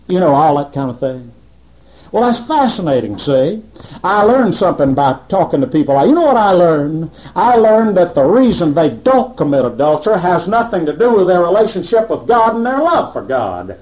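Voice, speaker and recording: A male preacher giving a conversational sermon, asking rhetorical questions and pausing to work through scripture. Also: sits high, very animated, darkish tone, poor audio.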